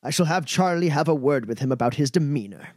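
A man's voice: fairly high pitch, animated, a little mellow, no echo, clean studio sound. A man voicing a stern, silver-haired older mayor who talks brusquely and snaps orders at his staff. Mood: brisk. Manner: brisk, commanding, snaps orders.

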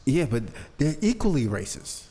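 A man co-hosting a podcast in casual chat, relaxed and joking with wry asides. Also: a little high, moderate pace, breathy edge. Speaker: podcast co-host. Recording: long hall reverb.

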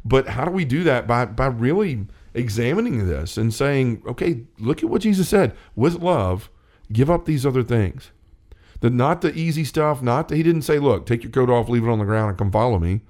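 A man's voice: medium pitch, lively intonation, moderate pace, darkish tone. A man talking earnestly about faith on a talk show, reading quotes and urging listeners, with frequent restarts and fillers. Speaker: co-host of a Catholic talk show.

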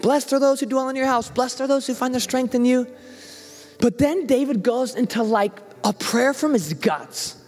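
A man's voice: very high-pitched, moderate pace, darkish tone, big-room sound. A man who is a youth pastor, preaching a conversational sermon and acting out the prayers and voices he quotes.

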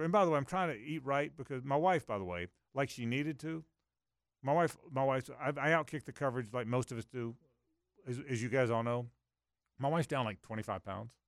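A man's voice: mid-range voice, no echo, clean studio sound. Rambling self-mocking male radio host. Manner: rambling storyteller, self-mocking, lots of restarts. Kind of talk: casual radio banter.

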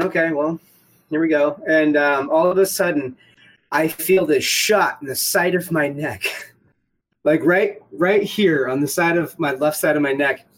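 Guy with a high voice ranting through a story, swears a lot, all over the place. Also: low-quality recording. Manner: profane, rambling, animated storytelling. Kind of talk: casual podcast chat.

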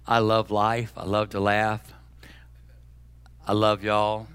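A man preaching a sermon as pastor, folksy and joking, swinging between loud bursts and hushed asides. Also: lowish voice, monotone, slow, a little hiss or hum.

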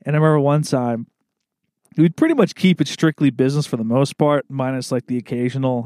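A man's voice: mid-range voice, normal speed, mellow, no echo, clean studio sound. A man hosting a podcast in casual chat. He talks loosely, swears often and laughs a lot. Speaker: podcast host.

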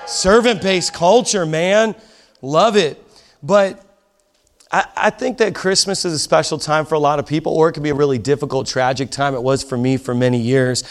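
Animated man preaching a lively sermon. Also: on the high side, moderate pace. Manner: animated storytelling with laughs and acted-out quotes. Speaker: pastor. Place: church service with a live audience.

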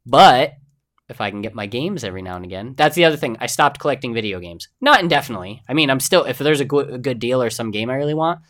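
A young man talking on his own podcast in a loose, rambling way. He is chatty and easily sidetracked, wandering off on tangents and pulling himself back. His pitch sits in an ordinary middle range for a man. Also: animated, fast, fairly bright tone. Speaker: podcast host. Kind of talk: casual solo podcast chat.

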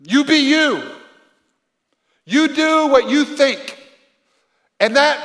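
A male pastor preaches in an earnest, conversational way, asking the congregation questions. His voice sits high for a man. The sound carries a long reverb from a large hall. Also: fairly bright tone. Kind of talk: sermon.

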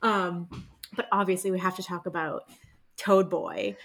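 A woman's voice: fairly low pitch, steady tone, unhurried, gravelly, a bit bright. A young woman co-hosting a podcast in casual chat, talking loosely with many fillers. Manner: chatty, many fillers, laughs along. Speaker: podcast co-host.

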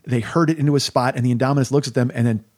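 A man co-hosting a podcast, excitedly retelling film scenes in casual conversation. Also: mid-range voice, rapid-fire. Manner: excited, animated retelling with acted-out quotes. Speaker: podcast co-host.

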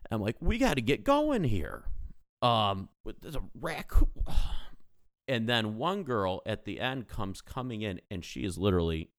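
A man's voice: on the low side, animated, normal speed, fairly bright tone, smooth, dry recording. A man in his thirties, a podcast co-host, telling a story in casual chat and animatedly acting out the people in it. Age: 30s.

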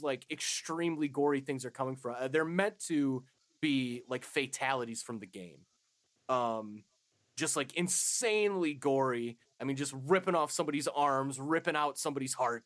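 A young man co-hosts a podcast and recaps a movie in loose, casual chat. His voice sits a bit high for a man. He swears freely and laughs through his retelling. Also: fairly bright tone. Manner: swearing, laughing recaps with offhand quoted lines. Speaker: podcast co-host.

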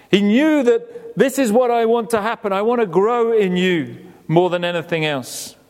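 Man preaching in a reverberant hall. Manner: conversational, acts out quoted voices, drops low and quiet for emphasis. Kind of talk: sermon.

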